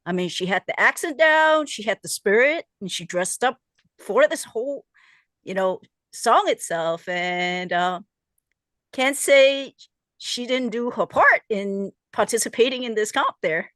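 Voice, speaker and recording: A woman's voice: fairly high pitch, lively intonation, measured pace, a bit bright, no room sound, studio quality. A woman DJ hosting an online music show, announcing contest finalists in an upbeat way. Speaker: radio DJ host. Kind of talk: casual on-air chat.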